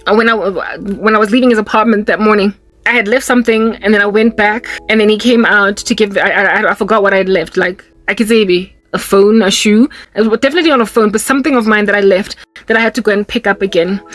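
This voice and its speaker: A young South African woman telling a candid, rambling personal testimony with quick asides. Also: mid-range voice. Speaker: Christian YouTuber.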